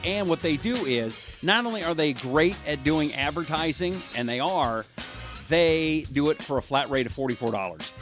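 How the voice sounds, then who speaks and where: A middle-aged man hosting a casual live-stream talk show, rambling, joking and reading out viewer comments. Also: a little high. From Washington State, USA.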